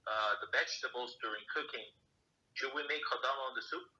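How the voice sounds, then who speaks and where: A man in the class reading questions aloud from the board, hesitant and unhurried. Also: medium pitch, pushed and bright, poor audio.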